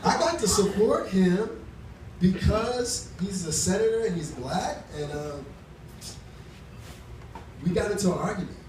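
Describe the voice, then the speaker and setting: A man's voice: high voice, lively intonation, measured pace, pauses often. A man doing live stand-up storytelling on a small club stage, talking in a loose, chatty way with restarts and fillers. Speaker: stand-up comedian. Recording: echoey club sound from a distant mic, noisy.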